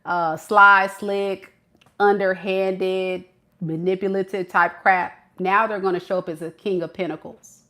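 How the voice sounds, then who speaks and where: A woman tarot reader giving a reading to the camera in an animated, playful, slangy way, laughing often. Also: mid-range voice, measured pace.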